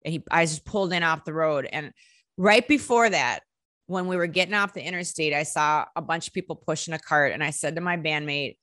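A woman musician telling a story in a casual interview, animated and salty, acting out what people said. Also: sits low, a little fast, dry recording, studio quality. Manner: animated, swearing, acts out quotes in bursts. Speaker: musician guest.

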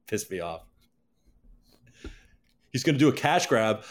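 A man hosting a live crypto news show, talking casually, joking and laughing often, with loud bursts and muttered asides. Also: on the low side. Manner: animated, joking, quick to laugh; swings between loud bursts and mumbled asides. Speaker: host.

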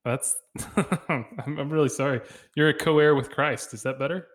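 A man's voice: on the high side, fairly even intonation, moderate pace. A man in his thirties co-hosting a casual podcast chat, joking, laughing often and putting on voices for quotes. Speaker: podcast co-host.

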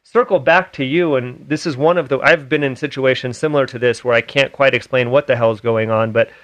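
A man's voice: medium pitch, fairly even intonation, fairly quick. A man hosting a podcast, telling a personal story candidly and swearing freely in casual conversation. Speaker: podcast host.

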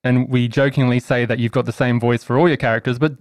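A man's voice: mid-range voice, little pitch movement, fast talker, dry recording. A man hosts a tabletop game podcast in an upbeat, teasing way. His voice sits mid-range and sounds close and dry. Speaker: podcast host and game master. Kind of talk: casual podcast chat.

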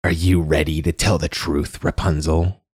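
A cruel, scheming witch taunts and threatens her captive in a story reading, voiced by a man. Her voice stays very deep and sits dry and close to the mic. She coaxes sweetly one moment and threatens the next. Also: level tone, moderate pace, a little mellow, husky, no room sound. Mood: menacing. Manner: coaxing and threatening.

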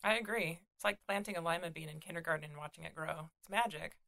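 A woman's voice: lowish voice, fast, gravelly, bright, forceful tone. A young woman from California co-hosting a casual podcast chat, blunt and sardonic. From California, USA. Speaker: podcast co-host, comedian.

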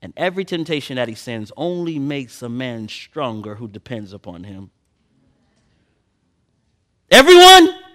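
A man preaching a sermon, reading scripture slowly and swinging between loud emphatic passages and quiet personal asides. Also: medium pitch. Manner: slow drawn-out Bible reading.

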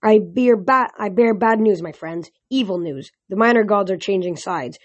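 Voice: medium pitch, normal speed, muffled recording, natural voice. A reader voicing a moody, snappish male god of wine in an audiobook. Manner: snappish, languid. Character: moody, bored wine god, grieving man.

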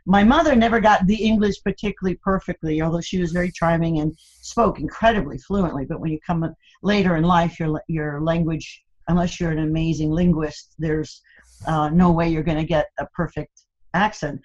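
An older woman with a low voice tells family stories in a chatty, laughing way. The recording sounds dull and a little lo-fi. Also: fairly even intonation, a little fast, darkish tone. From Florida, USA. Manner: chatty storyteller, laughs often. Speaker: guest. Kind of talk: casual interview chat.

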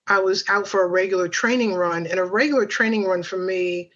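A woman guesting on a podcast recalls her personal story in a chatty, rambling way packed with fillers and asides. Her middling-pitched voice is fairly quick and fairly bright, heard over a slightly dull, lo-fi line.

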